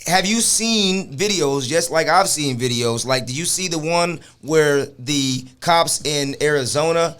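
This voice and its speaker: A man co-hosting a casual podcast chat, telling a story with acted-out shouted quotes. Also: fairly high pitch, unhurried, few pauses, clear, resonant tone. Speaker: podcast co-host.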